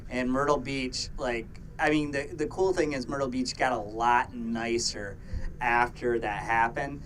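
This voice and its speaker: A man's voice: medium pitch, fairly even intonation, unhurried, a bit bright, a little hiss or hum. A man co-hosting a podcast in casual, joking chat, often stumbling over his words. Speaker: podcast co-host.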